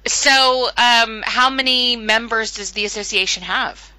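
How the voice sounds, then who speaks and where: A woman's voice: fairly high pitch, a little slow, bright, forceful tone, smooth, no room sound, low-quality recording. An American woman hosting a radio interview, friendly and a little hesitant, with many fillers. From United States. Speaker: podcast host.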